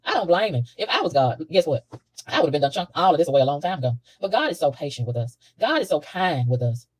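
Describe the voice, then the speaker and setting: A woman talking to camera in a casual spiritual monologue from a room, animated and preachy, laughing often and repeating words. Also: deep voice, dry recording, poor audio. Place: hotel room.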